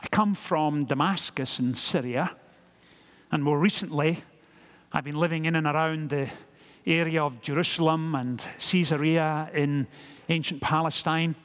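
Man doing a gentle persuasive apostle in a cell, high voice, slow and calm. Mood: earnest.

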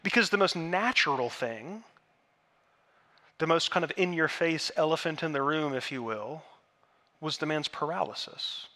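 A man preaches a sermon in a church. His voice sits a little high for a man and rings with a bright, forceful edge. He presses hard on key phrases, then falls back to a near hush. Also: animated, moderate pace. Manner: earnest, builds to emphatic peaks then drops to hushed tones. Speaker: pastor. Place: church sanctuary.

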